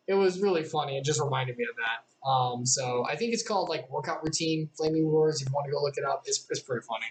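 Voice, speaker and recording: A woman's voice: low-pitched, a little hiss or hum. A woman streamer chatting casually between readings, wandering into tangents and apologizing for them. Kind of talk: casual chat and reading aloud.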